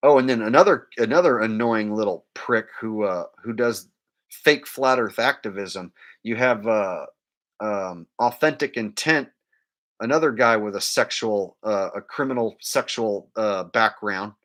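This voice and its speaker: A man's voice: on the low side, a little slow, a bit bright. A man ranting bluntly during a live stream, full of fillers and scornful asides.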